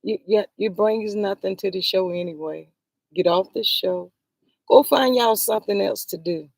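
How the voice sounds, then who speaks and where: A woman talks straight at the people she is criticizing, scolding and exasperated, and sighs to the Lord between points. Her voice sits at an ordinary middle pitch. The sound is dry and close, with no room echo. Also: normal speed, creaky, darkish tone. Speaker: vlogger commenting on a reality show. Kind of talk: heated livestream commentary.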